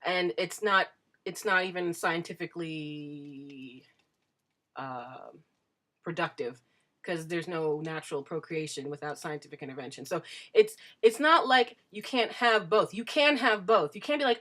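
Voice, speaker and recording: A woman vlogger speaks straight to her audience in a monologue of her own views. She is emphatic and earnest, hitting key words hard and often restarting a phrase as she presses her point, in a voice of ordinary pitch for a woman. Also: animated, moderate pace, a bit bright. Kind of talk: opinion monologue to camera.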